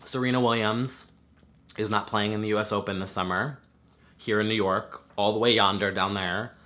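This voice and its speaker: Male vlogger, lowish bright voice, loose and chatty, swears freely. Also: fairly even intonation, normal speed. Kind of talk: casual reaction rant.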